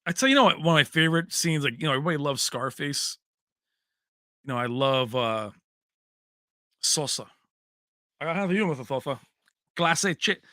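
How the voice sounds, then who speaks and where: A man's voice: fairly high pitch, expressive, fairly quick, long pauses, sharp tone, dry recording, studio quality. A man hosting a livestream in casual chat. He rambles, laughs often and answers viewers by name. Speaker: livestream host.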